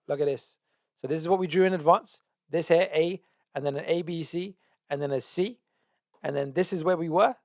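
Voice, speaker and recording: A man's voice: fairly high pitch, creaky, no echo, clean studio sound. A man hosting a trading channel, walking through charts in casual, emphatic talk, often repeating himself and restarting. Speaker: trading analyst and channel host. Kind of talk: casual market analysis over charts.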